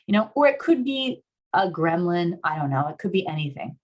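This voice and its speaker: This somatic therapist, a guest speaker, teaches an online workshop by video call, walking listeners through an exercise earnestly and occasionally rising into excited affirmations. Her voice sits at medium pitch and her pace is brisk.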